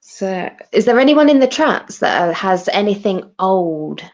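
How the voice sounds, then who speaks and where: A woman in her thirties from Britain, hosting a live stream in casual chat, chatty and quick to laugh, often restarting her sentences. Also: mid-range voice, sing-song, a little mellow. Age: 30s. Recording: dull, lo-fi stream audio.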